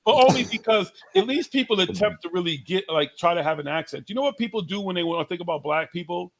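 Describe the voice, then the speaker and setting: A man hosting a casual, profane chat, talking loudly and with a lot of feeling. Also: sits high, fast. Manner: loud, profane and animated.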